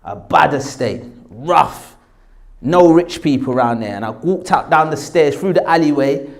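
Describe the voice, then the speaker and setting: A man's voice: a little high, moderate pace. A man in his forties with a South London accent, an actor telling a story about his past and acting out the people in it. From England. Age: 40s. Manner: animated, acts out the people he quotes. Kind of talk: storytelling anecdote.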